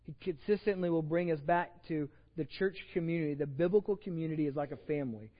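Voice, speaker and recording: A man's voice: on the high side, fast. Texan male pastor, casual stumbling sermon delivery, dull recording in a reverberant sanctuary. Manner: conversational, repeats words and restarts, jokes with the congregation. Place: church sanctuary with long reverb.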